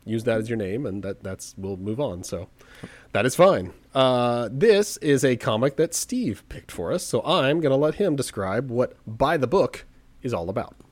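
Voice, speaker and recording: A man's voice: mid-range voice, moderate pace, no echo. A man hosting a webcomics podcast, joking and laughing often in casual banter with his co-host. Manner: jokey, laughs often, lively teasing.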